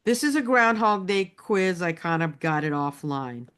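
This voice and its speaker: A woman's voice: on the low side, lively intonation, a little slow, fairly bright tone, clean tone. A woman co-hosting a casual chat, telling stories with lots of laughter and restarts. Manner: chatty storyteller, laughs often, many restarts. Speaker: co-host.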